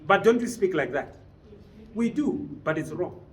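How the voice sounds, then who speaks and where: A man's voice: high-pitched, big pitch swings, normal speed, a little hiss or hum. A man teaching a business writing class, lecturing and often putting questions to his students. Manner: quizzes the class with frequent questions. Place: training room with a class.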